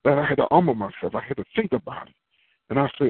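A man's voice: mid-range voice, animated, fast talker, husky. A man preaching a sermon in a conversational way, asking the listeners questions and answering them himself. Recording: tinny phone-line sound, dry.

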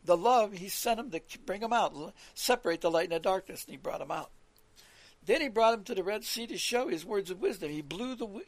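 Gravelly, husky male preacher. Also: high voice, no echo. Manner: earnest, rambling, repeats words and restarts. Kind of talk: scripture teaching on a radio call.

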